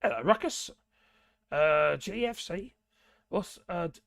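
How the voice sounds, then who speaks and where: A man with a Norfolk accent and a hoarse, gravelly voice, chatting casually on a live stream and reading out viewer comments in a rambling, muttering way. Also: high-pitched, expressive, slow, a bit bright, no room sound, clean studio sound. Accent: Norfolk English. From Norfolk, England. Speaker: livestream host reading chat.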